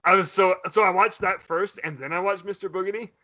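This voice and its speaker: A man hosting a podcast in casual chat, telling a story in an animated way. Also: sits high, fairly quick. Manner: animated, swears and laughs while retelling. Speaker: podcast host.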